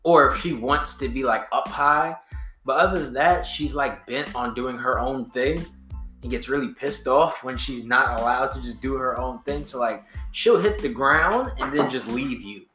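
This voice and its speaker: A man's voice: mid-range voice, moderate pace, bright, forceful tone, reverberant, soft background music. A man co-hosting a podcast in casual chat, laid-back and slangy, with lots of fillers. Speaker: podcast co-host.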